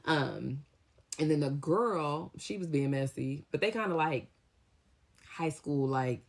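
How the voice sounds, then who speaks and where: A young adult woman casually telling a storytime tale, in an animated, slangy way with lively acted-out quotes. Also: low-pitched, slow pace, gravelly. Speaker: storytime vlogger.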